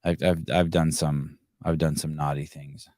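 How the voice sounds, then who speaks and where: A man's voice: rumbling low, level tone, a little slow, darkish tone, no echo, clean studio sound. A middle-aged man hosting a podcast, rambling in casual talk and swearing freely when he gets frustrated. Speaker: podcast host. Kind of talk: casual live show monologue.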